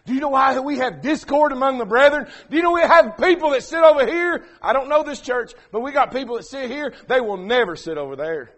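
Guy preaching, high voice, goes soft then yells it out, 40s. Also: lively intonation, fairly quick, hardly any pauses. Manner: swings from quiet asides to shouted emphasis. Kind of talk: sermon.

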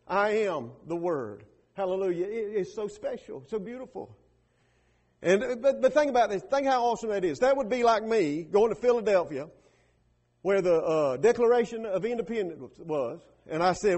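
A pastor delivering a sermon with emphatic, rising bursts of preaching. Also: male voice, high voice, lively intonation, normal speed, a little mellow.

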